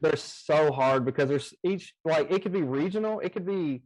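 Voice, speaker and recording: A man in casual chat about running tabletop games, talking in an animated, rambling way with plenty of swearing, on a video call. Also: fairly high pitch, normal speed, rough recording. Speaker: game master. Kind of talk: casual chat between game masters.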